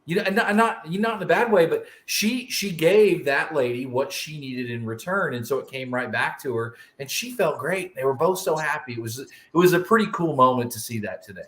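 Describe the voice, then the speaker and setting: A middle-aged man co-hosting a podcast, telling family stories in a chatty, animated way. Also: a little high, brisk, few pauses. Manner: animated, chatty, calls his partner dude. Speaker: podcast co-host. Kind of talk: casual chat, personal storytelling. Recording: roomy echo.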